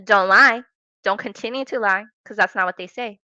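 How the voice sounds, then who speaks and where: A woman's voice: medium pitch, fast talker, sharp tone, dry recording, muffled recording. A woman giving sassy, mocking reaction commentary. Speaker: commentary youtuber.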